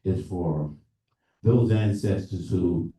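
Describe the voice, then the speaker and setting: A man leading a libation in a church service, earnest, with halting pauses and restarts. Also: sits low, mellow. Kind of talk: preaching-style address. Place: church hall during a live service. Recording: echoey room from far off.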